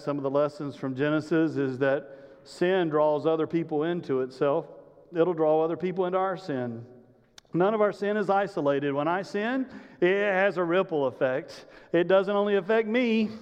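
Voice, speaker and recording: A man preaching a sermon as a pastor, telling the story animatedly and speaking straight to his congregation. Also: sits high. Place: church sanctuary. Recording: muffled recording in a large reverberant hall.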